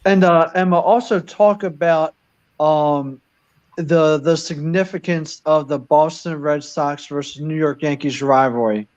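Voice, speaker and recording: Slow-spoken man on a dull line. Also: on the high side, fairly even intonation. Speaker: radio co-host.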